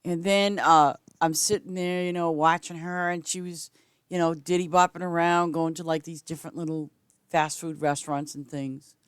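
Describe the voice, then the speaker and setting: A woman game streamer chatting casually with her viewers while she plays, rambling and swinging between loud greetings and quiet asides. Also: normal speed, clear, resonant tone, dry recording, studio quality. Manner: chatty, rambling, repeats "I'm just saying"; lively swings in pitch and loudness, sometimes whispering. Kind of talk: casual gameplay chat with viewers.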